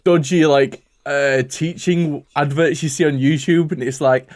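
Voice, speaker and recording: A man's voice: a little high, fairly even intonation, measured pace, few pauses. A young man co-hosting a podcast, ribbing his friend with dry banter. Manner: dry teasing banter, calls people "dude". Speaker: podcast co-host. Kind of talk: casual chat.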